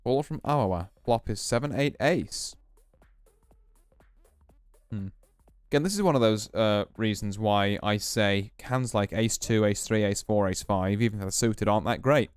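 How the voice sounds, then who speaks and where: Male streamer, smooth clear voice, dry close sound, faint music underneath; relaxed, thinking out loud over poker hands. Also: fairly low pitch, moderate pace, no room sound. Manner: relaxed, musing, explains hands as he plays. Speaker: VTuber streamer. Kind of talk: casual poker play commentary.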